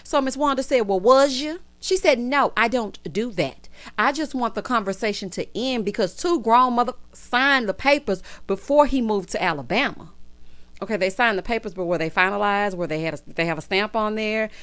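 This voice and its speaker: A woman giving sassy, gossipy casual commentary as she recaps a reality show, laughing loudly. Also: mid-range voice.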